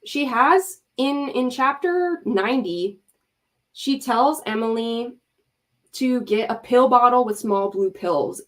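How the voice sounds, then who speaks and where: Speaking slowly with lively intonation in a higher register, a woman hosting a livestream delivers an exasperated, emphatic rant. She curses freely and keeps stopping mid-rant to talk with her chat and mods.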